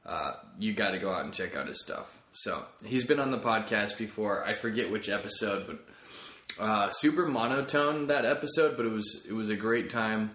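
A man's voice: lowish voice, animated, moderate pace, fairly bright tone, echoey room. A man hosting his own comedy podcast, rambling and correcting himself as he jokes along. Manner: rambling, self-correcting, jokey. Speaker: podcast host.

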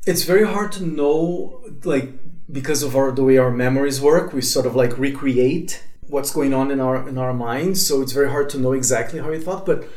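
A man from Brazil with a Brazilian Portuguese accent, a drummer telling his story as an interview guest, animated and full of fillers. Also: medium pitch, normal speed, roomy sound.

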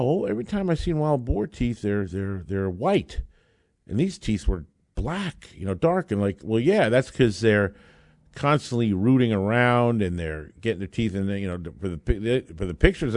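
A man telling a casual anecdote in an excitable way, with frequent fillers and restarts. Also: sits low, dry recording, studio quality.

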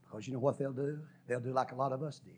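A man preaching a sermon, folksy and dramatic, swinging from shouts to whispers and stretching out key words. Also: mid-range voice, fairly even intonation, a little hiss or hum. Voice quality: husky. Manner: preaching with sudden shouts and drops to a whisper, folksy, drawn-out stresses. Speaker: pastor.

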